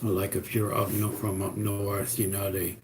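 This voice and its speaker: A man with a New York accent and a deep voice, giving rambling, repetitive computer security tips on a live stream. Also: little pitch movement, normal speed, a little hiss or hum. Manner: rambling, repetitive, folksy advice. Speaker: computer repair host. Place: home in Florida.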